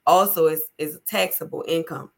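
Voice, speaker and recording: A woman hosting a casual podcast conversation, her voice sitting a bit low. She talks in an emphatic, chatty, motivational way, leaning into her points. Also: fairly even intonation, normal speed, vocal fry. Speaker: podcast host.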